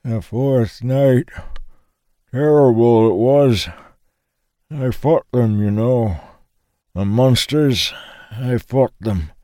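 A man voicing a very old, toothless man who speaks slowly in a slurred, weary way. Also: medium pitch, dark tone, no room sound, clean studio sound, voice pushed up. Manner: slow slurred old man's speech.

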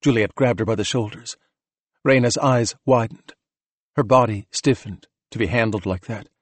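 A man's voice: on the low side, normal speed, dry recording. Man reading an audiobook, dry sound. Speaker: audiobook narrator. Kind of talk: scripted narration.

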